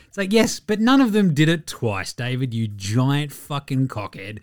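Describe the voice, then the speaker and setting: An Australian man hosting a casual sports podcast, excitable and mocking, swearing freely as he rants. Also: mid-range voice, moderate pace, hardly any pauses, no room sound, clean studio sound. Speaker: podcast host.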